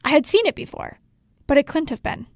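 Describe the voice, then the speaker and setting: A woman podcast co-host casually telling her own story, animated, acting out quotes and laughing often. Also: sits high, fairly quick, no echo, clean studio sound.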